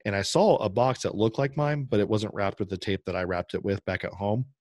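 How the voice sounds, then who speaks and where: On a podcast, a male co-host with a fairly low voice tells a long, rambling story in casual conversation, speaking fairly quickly. He gets animated and acts out the other people's lines with quoted dialogue. The recording is dry, with clean studio sound.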